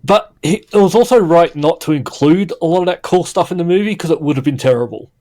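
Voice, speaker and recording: Mild-mannered man, higher voice. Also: fast talker, darkish tone. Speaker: podcast co-host. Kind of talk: casual chat.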